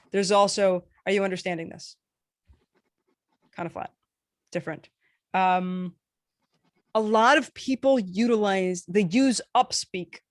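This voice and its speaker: A woman teaching a casual workshop, animated with playful asides as she demonstrates intonation. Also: mid-range voice, dry recording, studio quality. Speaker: workshop facilitator.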